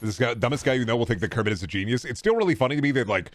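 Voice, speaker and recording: A man's voice: medium pitch, lively intonation, rapid-fire, slight background noise. A man streaming a game, rambling crudely and joking with friends. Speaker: streamer host. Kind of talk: casual stream chat while gaming.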